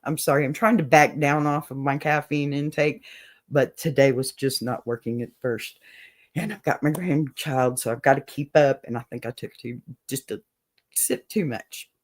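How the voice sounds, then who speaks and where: A woman's voice: extremely low pitch, moderate pace. An older woman from Texas with a Southern accent, hosting a casual show. She chats freely and laughs often. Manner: chatty, laughs often, says y'all. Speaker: podcast host. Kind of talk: casual chat.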